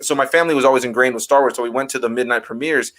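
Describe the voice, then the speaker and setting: A young man in casual chat, telling stories with lively acted-out reactions from friends. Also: medium pitch, very fast. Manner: animated storyteller, acts out quoted reactions. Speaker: guest.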